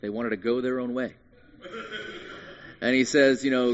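A man, a pastor, preaching a sermon in an animated way, swinging between hushed and loud moments, with jokey asides. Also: medium pitch, moderate pace, long pauses. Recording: dull sound with long reverb in a large hall.

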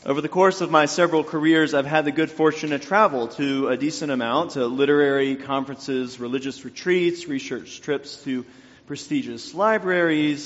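Preacher with a faint Southern accent in a reverberant church. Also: male voice, fairly high pitch, a bit bright. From North Louisiana. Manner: measured, deliberate delivery with pauses in lists. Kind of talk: sermon. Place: church sanctuary. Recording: dull sound with long reverb in a church.

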